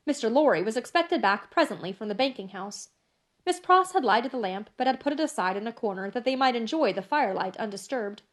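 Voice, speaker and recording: A woman narrating a classic novel in a measured, expressive reading. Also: fairly high pitch. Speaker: audiobook narrator.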